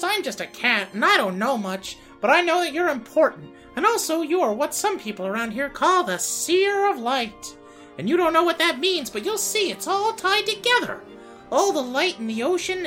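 Kobieta grająca rozmarzonego ducha kota z akcentem. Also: female voice, sits high, fairly bright tone, voice pushed up. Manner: childlike, rambling, with a put-on accent. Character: dreamy old male ghost cat, gentle.

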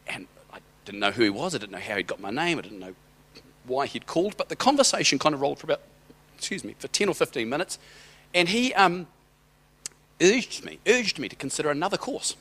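A man's voice: a little high, sing-song, a little fast, fairly bright tone. Middle-aged man preaching in a rambling way. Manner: conversational, rambling, hesitant restarts. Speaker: church speaker. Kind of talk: sermon told as a personal story.

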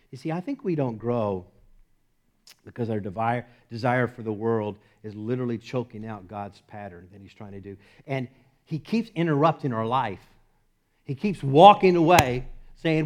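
A man pastor preaching a sermon at a church service, repeating phrases for emphasis and swinging between loud and hushed delivery. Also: medium pitch, normal speed.

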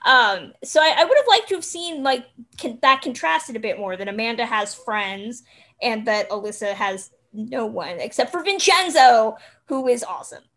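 A woman's voice: a little high, expressive, moderate pace, fairly bright tone. A woman co-hosting a casual film podcast, chatty and rambling with lots of fillers. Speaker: podcast co-host.

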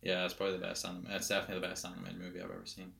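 Deep gravelly Irish guest, blunt. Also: male voice, racing. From Ireland. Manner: blunt, scathing, animated rants. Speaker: podcast guest. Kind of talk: casual chat.

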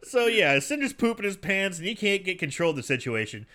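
Man, high lively voice, bright tone, casual podcast movie recap, acts out lines. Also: fairly quick. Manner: animated storyteller, acts out lines, laughs often. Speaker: podcast co-host.

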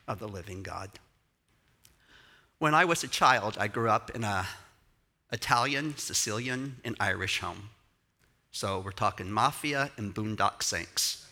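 A middle-aged man from Texas, telling a lively story in a talk at a church event. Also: on the low side. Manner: animated storyteller, acts out voices.

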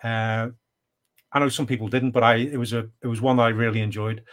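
A man's voice: medium pitch, flat delivery, a little fast. Middle-aged guy podcasting about movies, rambly, lots of uh and restarts. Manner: rambling, hesitant with fillers and restarts. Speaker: podcast co-host. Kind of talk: casual chat.

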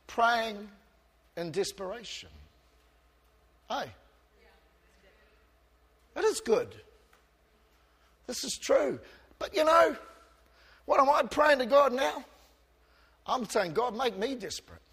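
A man with a high voice preaches a passionate sermon in a church. His voice swings from quiet, almost murmured asides to loud calls, with a light self-mocking humour. A long reverb trails every phrase. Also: expressive, unhurried, pauses often. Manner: self-deprecating humour with the congregation. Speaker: pastor.

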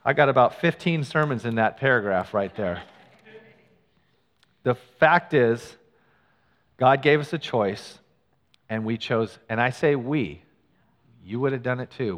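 A man preaching a sermon in a church, his voice at a middle pitch. He moves between reading scripture and talking plainly to the congregation, with self-deprecating asides. A long hall reverb trails after his words. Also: lively intonation, a little slow, pauses often, fairly bright tone. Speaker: pastor.

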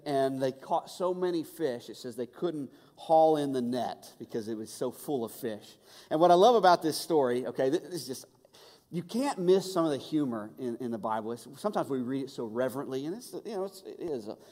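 Pastor in a reverberant hall, raised voice. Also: male voice, on the high side. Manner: lively storytelling with humor and restarts. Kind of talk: sermon. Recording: long reverb of a large hall.

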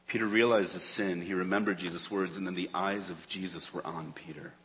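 A man preaching a sermon in a church, earnest, swinging between urgent emphasis and hushed tones. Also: deep voice, steady tone, fairly quick. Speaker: pastor. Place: church sanctuary. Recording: long reverb of a church hall.

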